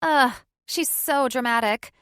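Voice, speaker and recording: A woman voicing a cocky young female demon in an audiobook, bright and sassy. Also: high voice, slow, smooth, dry recording, studio quality, voice pushed up.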